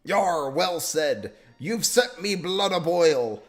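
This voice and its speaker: A hearty pirate sidekick rolls out his words slowly in a stretched, swaggering drawl, as a man puts him on while reading game lines. He sounds eager and game for a fight. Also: a little high, expressive, fairly bright tone, soft background music, voice pushed up. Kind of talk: reading game dialogue aloud in voices.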